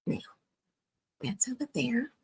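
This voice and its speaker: A woman's voice: on the high side, very animated, slow, darkish tone, breathy edge, poor audio. A woman hosting a livestream in a casual chat, talking to herself while she works her screen, often dropping to a near whisper. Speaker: livestream host.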